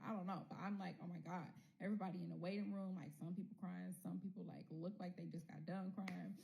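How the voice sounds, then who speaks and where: Woman doing a storytime, blunt, swears, talks right to you, mellow darker voice. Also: lowish voice, gravelly, low-quality recording. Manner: acts out the people in her story. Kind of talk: casual storytime.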